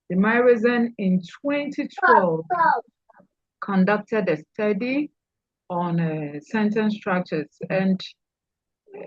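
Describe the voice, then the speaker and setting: A woman lecturer teaches over a video call, calling on students by name and repeating her main points. She speaks slowly and deliberately. The audio is dry and dull, like a lo-fi online call. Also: mid-range voice, no room sound. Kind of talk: online class discussion.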